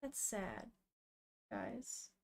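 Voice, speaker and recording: Chatty woman streamer, slightly high voice. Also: huge pitch swings, very slow, vocal fry, a little mellow. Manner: chatty, swears casually, talks to viewers. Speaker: streamer reading manga. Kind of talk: casual live-stream chat and read-along.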